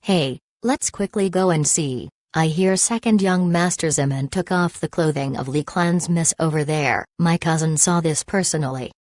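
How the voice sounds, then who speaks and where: A woman's voice: low voice, darkish tone, no echo, clean studio sound, lightly acted. A woman voicing a gossiping passerby in a crowd. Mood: gossipy. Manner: hurried gossip.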